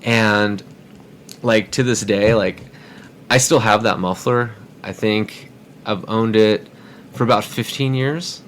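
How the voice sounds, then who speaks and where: A man's voice: on the low side, slow, long pauses, a bit bright, slight background noise. A man telling a story casually on a podcast, rambling and repeating words as he goes.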